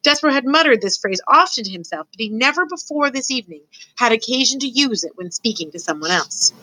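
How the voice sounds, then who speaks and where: A woman reading a children's storybook aloud with expressive storytelling. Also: on the high side, a little fast, poor audio. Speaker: student reader.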